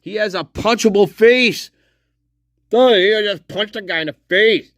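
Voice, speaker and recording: A man's voice: sits high, a little slow, a bit bright, no echo, clean studio sound. A man hosting a livestream, giving casual reaction commentary with jokes, swearing and frequent laughs. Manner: profane, joking, laughs often. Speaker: livestream host.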